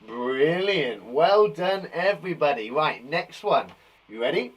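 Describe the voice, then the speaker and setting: A man teaching young children a live phonics lesson, encouraging them warmly and sounding out letters slowly. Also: a little high, expressive, husky, poor audio. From England. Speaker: primary school teacher.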